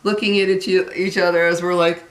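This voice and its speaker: A woman with a fairly low voice tells her viewers a personal story in an earnest, casual way, calling them "guys". Her voice rings with a noticeable room echo. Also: flat delivery, moderate pace. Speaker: vlogger. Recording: echoey room.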